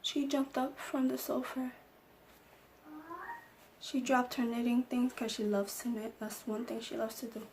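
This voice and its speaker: Flat, soft-spoken young-sounding woman. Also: fairly high pitch, measured pace, pauses often, slight background noise. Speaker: vlogger telling a personal story. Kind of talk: casual storytime.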